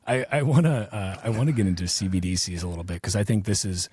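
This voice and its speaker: A man's voice: low-pitched, fast, a little mellow, husky, no echo, clean studio sound. A man hosting a podcast in casual conversation, talking in a sarcastic, mocking way. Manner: sarcastic, mocking quoted officials. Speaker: podcast host.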